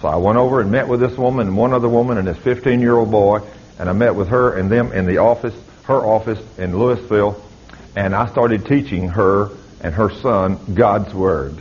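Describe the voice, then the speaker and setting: A man's voice: on the low side, normal speed, a little mellow, husky. An older man preaching a fervent sermon, his voice climbing as he exhorts. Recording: slightly dull lo-fi recording.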